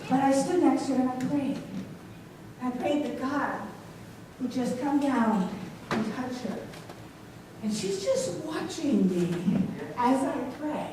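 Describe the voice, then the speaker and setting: A woman's voice: high voice, expressive, takes it slowly, pauses often, noisy background. A woman preaching a sermon in a church, telling stories and asking her congregation questions. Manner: storytelling, asks congregation questions. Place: church sanctuary. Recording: echoey church from a distance.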